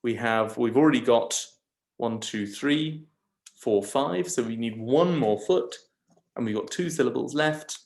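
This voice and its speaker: A man teaching a lesson, slowly and patiently talking through each syllable. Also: mid-range voice, a little mellow. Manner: slow, patient, stresses syllables one by one. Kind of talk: lecture on scanning Greek verse.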